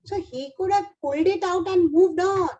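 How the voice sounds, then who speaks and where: A woman's voice: very high voice, normal speed, mellow, muffled recording. A woman with an Indian English accent giving a motivational keynote to teachers, encouraging them as if speaking to her own class. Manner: encouraging, addresses audience like a class.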